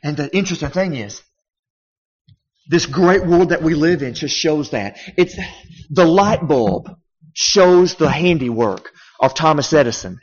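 A male pastor preaches with conversational emphasis, drawing his listeners in with rhetorical questions. His voice is a touch high for a man. A long reverb from the sanctuary trails behind every phrase, and the sound is slightly dull. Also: animated, unhurried, husky. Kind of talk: sermon.

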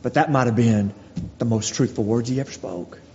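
A man preaching a sermon, earnest and full of rhetorical questions, dropping to quiet, slow lines for emphasis. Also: medium pitch. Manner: earnest, rhetorical questions, slows and drops to near-whisper for emphasis. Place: church sanctuary. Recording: dull recording with long hall reverb and faint noise.

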